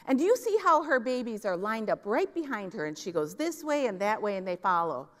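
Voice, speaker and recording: Middle-aged woman from Minneapolis, high voice, keynote storyteller; recorded in a large reverberant hall. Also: sing-song, fairly quick, few pauses. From Minneapolis, US Midwest. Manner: storytelling, asks the audience "right?" often. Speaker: conference keynote speaker. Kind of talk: keynote talk. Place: conference hall stage.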